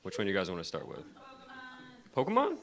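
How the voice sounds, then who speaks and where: A man's voice: deep voice, huge pitch swings, quick pace, a bit bright. A young man doing a loose, crowd-baiting stand-up set on a comedy club stage, laughing between his lines. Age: young adult.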